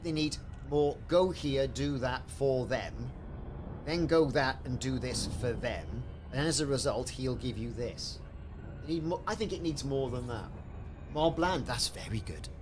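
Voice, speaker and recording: A man's voice: medium pitch, expressive, unhurried, over music. A man chatting casually while live-streaming a game, rambling and answering viewers. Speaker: livestreamer.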